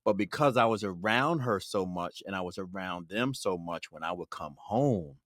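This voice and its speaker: A man in his fifties from Brooklyn, hosting a podcast and telling personal stories in a reflective, relaxed way. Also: sits low, normal speed, no echo, clean studio sound. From Brooklyn, New York. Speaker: podcast host. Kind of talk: conversational interview.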